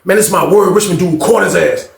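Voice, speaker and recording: A man casually telling a story, profane and animated, acting out voices and sound effects, in a roomy-sounding recording. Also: high voice, fast, vocal fry. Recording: roomy echo.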